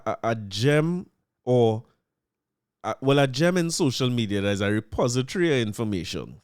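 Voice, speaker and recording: A man's voice: mid-range voice, dry recording, clean studio sound. A man with a Trinidadian accent hosting a podcast in a loose, conversational way, often repeating words as he finds his phrasing. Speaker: podcast host. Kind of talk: casual commentary.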